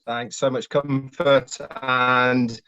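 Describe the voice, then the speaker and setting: A man's voice: mid-range voice, flat delivery, extremely slow, bright, forceful tone, clear, resonant tone, dry recording. A man from the UK, speaking casually and a little hesitantly as a guest at an online event. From United Kingdom. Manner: friendly, hesitant with fillers. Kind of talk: casual speech. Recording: dry, dull lo-fi audio.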